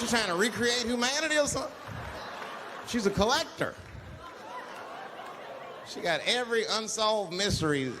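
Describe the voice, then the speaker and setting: A male comedian telling profane stand-up stories, swinging between hushed and shouted delivery in a large live venue. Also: fairly high pitch. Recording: reverberant live hall with ambient noise.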